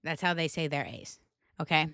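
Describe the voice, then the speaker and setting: A woman with a US Northeastern accent hosting a casual pop-culture podcast, talking in an animated, emphatic way and swearing freely. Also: low-pitched, normal speed, clean tone, no echo, clean studio sound. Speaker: podcast host.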